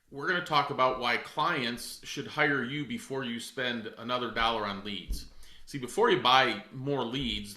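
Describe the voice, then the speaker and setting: A man's voice: medium pitch, sharp tone, roomy sound. A middle-aged man coaching real estate agents in a direct, emphatic way, calling his listeners folks. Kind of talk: coaching talk.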